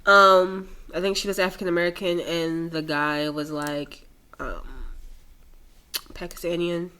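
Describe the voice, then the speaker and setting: A woman's voice: on the low side, little pitch movement, unhurried, sharp tone, smooth. A young woman co-hosting a podcast, telling stories with chatty, playful teasing. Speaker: podcast co-host. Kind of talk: casual chat.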